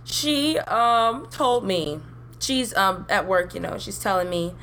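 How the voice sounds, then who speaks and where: A young adult woman co-hosting a podcast in blunt, animated, profane casual chat. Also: mid-range voice, slow pace, slight background noise. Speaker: podcast co-host.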